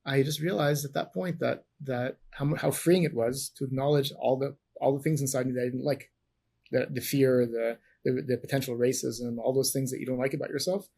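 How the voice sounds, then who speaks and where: Restarting and correcting himself throughout, a middle-aged former champion wrestler from Canada tells long stories as an interview guest. His medium-pitched voice is steady, a little fast, gravelly, a little mellow and breathy at the edges.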